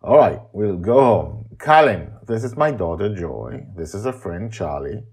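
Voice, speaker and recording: A man voicing a desperate father in an audio story, urging and commanding loudly to save his daughter. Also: lowish voice, very animated, a little slow, husky, exaggerated voice. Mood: urgent. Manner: urgent, commanding, shouting.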